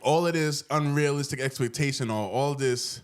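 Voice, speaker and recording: A man's voice: medium pitch, normal speed, clean tone. A man co-hosting a podcast in a casual, conversational way, telling stories and using slang. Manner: relaxed conversational, storytelling with slang. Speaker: podcast co-host. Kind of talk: casual chat.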